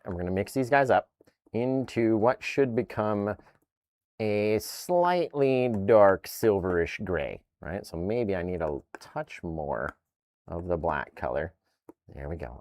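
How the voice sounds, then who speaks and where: A man teaching a live painting tutorial in an upbeat, animated way, often tagging his lines with "right?". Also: on the low side, no room sound. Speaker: painting instructor.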